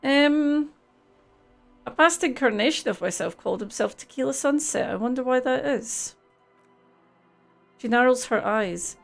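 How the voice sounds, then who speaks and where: Gravelly-voiced woman streamer. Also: sits high, lively intonation, a little slow, long pauses, soft background music. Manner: chatty, reads game text aloud, laughs easily. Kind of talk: live gameplay commentary and reading aloud.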